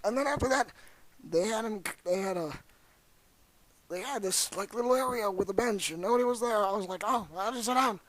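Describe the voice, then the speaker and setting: In an amateur comedy bit, a young man plays a boastful, rambling, ancient old man spinning a crude and excitable tall tale. His voice is high and brisk, and the recording is rough.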